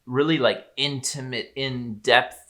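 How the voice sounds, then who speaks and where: Man, podcast co-host, casual analysis, bright crisp tone, rambling, emphatic. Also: medium pitch, fairly even intonation, a little slow. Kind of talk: casual chat.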